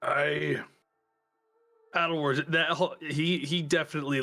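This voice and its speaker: A man's voice: fairly high pitch, fairly even intonation, measured pace, pauses often, pushed and bright, soft background music. A man playing a tabletop game, speaking hesitantly and correcting himself as he goes. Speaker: player. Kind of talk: tabletop role-play.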